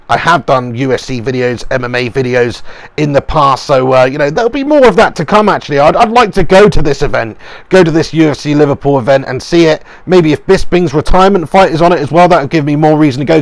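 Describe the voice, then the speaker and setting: A man's voice: on the high side, no room sound. A young man giving a casual, opinionated reaction as a channel host, rambling with fillers. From England.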